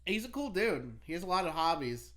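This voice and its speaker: A man's voice: high-pitched, sing-song, fairly quick, bright, forceful tone, a little hiss or hum. A young man co-hosting a podcast, telling rambling stories with lots of swearing and fillers. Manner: rambling storyteller, swears, acts out quotes. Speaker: podcast co-host. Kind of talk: casual chat.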